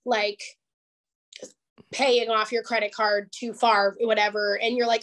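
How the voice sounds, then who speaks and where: A woman with a fairly high voice tells her story on a podcast in a frank, emphatic way and does not shy from swearing. She sounds emotional, close to tears at moments, and keeps the tone of a candid interview. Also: normal speed, a bit bright. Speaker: guest life coach.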